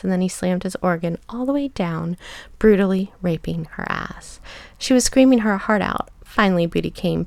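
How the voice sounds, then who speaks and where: Woman narrator, story reading, soft and half-whispered, gravelly, dry. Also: lowish voice, dry recording. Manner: soft, measured reading that often drops to a whisper.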